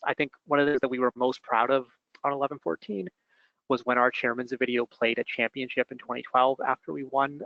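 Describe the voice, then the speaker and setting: A Canadian man in his thirties with a gravelly edge to his voice, talking through advice in a loose, conversational webinar style. He punches important words with sudden emphasis. The recording is dull and close, with no room sound. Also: medium pitch, dry recording. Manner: conversational, stresses key words with bursts of emphasis. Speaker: webinar presenter and consultant. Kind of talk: casual instructional talk.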